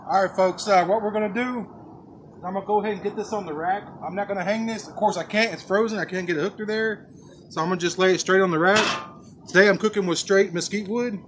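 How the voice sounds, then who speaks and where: A man with a fairly high voice chats through a backyard barbecue vlog in a relaxed, folksy way, calling his viewers folks. He talks outdoors beside his smoker, with faint noise around him. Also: quick pace. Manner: folksy, chatty, addresses viewers as folks and y'all. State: coughing from pepper rub. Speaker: barbecue channel host. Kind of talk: casual cooking vlog.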